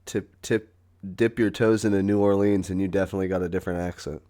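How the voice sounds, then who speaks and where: Man, lowish voice, podcast co-host, jokey, swears a lot, casual banter. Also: steady tone, quick pace, mellow. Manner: joking, echoes the other's lines, swears freely. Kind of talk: casual chat.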